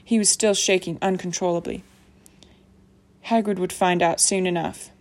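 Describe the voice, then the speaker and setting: A woman narrating a novel aloud in a steady, measured storytelling manner. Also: fairly low pitch. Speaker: audiobook narrator. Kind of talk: scripted narration.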